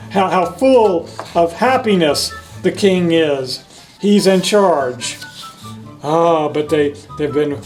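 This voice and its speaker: Man, high-pitched, unhurried storytime reader who explains the pictures to kids. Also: rough recording. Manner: gentle, explains the pictures to children; reads each passage in French then in English. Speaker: library director reading a picture book. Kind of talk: children's storytime read-aloud.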